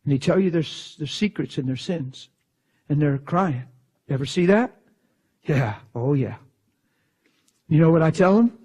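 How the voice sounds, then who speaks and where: A male preacher delivering a fervent sermon in a husky voice, swinging from exclamations down to hushed whispers. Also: a little high, animated, measured pace, pauses often.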